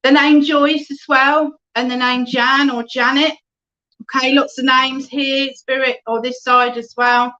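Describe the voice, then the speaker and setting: A woman's voice: high voice, flat delivery, a little slow, bright, forceful tone. A woman giving a spiritualist medium reading in an online service, talking chattily and often checking in with "okay?". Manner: chatty, reads out viewer comments, often adds "okay?". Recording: dull lo-fi online stream audio.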